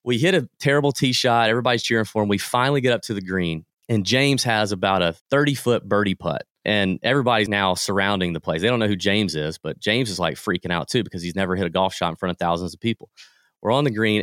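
A man, a guest on a podcast, telling lively anecdotes in a casual way and acting out the people he quotes. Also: low voice, no echo, clean studio sound. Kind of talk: casual storytelling.

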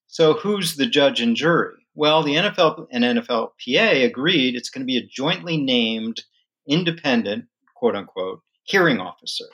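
A man guest with a legal background, giving an animated, emphatic explanation in a podcast interview. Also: mid-range voice, normal speed, husky, muffled recording. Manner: animated, emphatic storytelling with occasional laughs. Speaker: guest legal and sports business analyst.

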